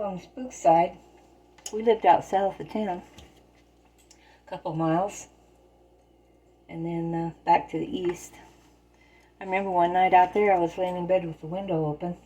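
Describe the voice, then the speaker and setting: Folksy woman with a mellow, low voice. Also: poor audio. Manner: folksy, plain-spoken, rural turns of phrase. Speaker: storyteller and home baker. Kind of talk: casual spoken storytelling while baking. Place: home kitchen.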